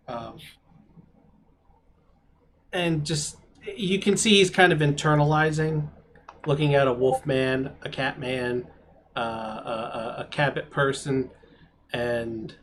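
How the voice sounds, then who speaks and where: A man narrating a tabletop game as game master, rambling with many pauses. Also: mid-range voice, slight background noise. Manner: rambling, filler-heavy narration.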